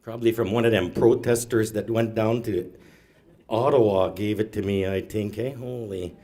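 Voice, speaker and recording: A man, a stand-up comedian telling stories on stage with deadpan asides. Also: lowish voice, normal speed. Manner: storytelling, deadpan asides, laughs at own jokes. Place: live event hall, audience.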